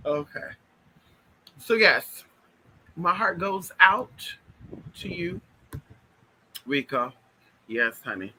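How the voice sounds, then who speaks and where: A man with a very bright, sharp voice pitched a little high speaks straight to his viewers in a casual monologue. He is emphatic and repeats himself. He often calls his listeners honey and y'all. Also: big pitch swings, drawn-out words, pauses often, husky, rough recording. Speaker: spiritual vlogger. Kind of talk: casual direct-to-camera monologue.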